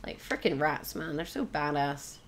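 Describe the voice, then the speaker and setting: Low-voiced and expressive, a young woman hosting a let's play talks at a moderate pace, casually commenting on her game, chatting with viewers and reacting to what happens on screen. Game ambience sits clearly behind her voice.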